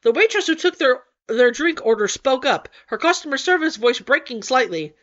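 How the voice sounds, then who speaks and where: A woman with a fairly high voice narrates a fan-written story as an audiobook, lively and comic in her delivery. The recording sounds dull and lo-fi. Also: moderate pace. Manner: expressive, comic. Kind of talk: audiobook fanfic reading.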